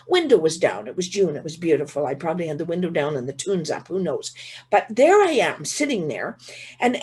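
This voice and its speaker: A woman telling a funny personal story as a keynote speaker, in a vivid, animated way, often repeating words as she restarts. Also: on the high side, husky.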